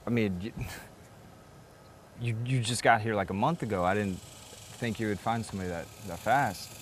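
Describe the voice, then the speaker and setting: A man's voice: lowish voice, normal speed, slight background noise, natural voice. A young man acting a shy small-town boy in a film, talking nervously and stumbling over his words. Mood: puzzled. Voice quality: nervous, stammering, with laughs between words. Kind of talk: film dialogue.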